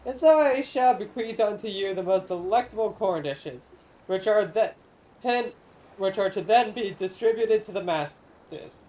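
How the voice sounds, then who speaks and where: A woman's voice: mid-range voice, a little slow, dark tone, slight background noise, lightly acted, rough recording. Woman voicing an ancient, mournful corn spirit. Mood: grandiose. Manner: archaic, solemn, theatrical speech. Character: ancient lonely corn spirit, grandiose and sorrowful. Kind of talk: reading game dialogue aloud on stream.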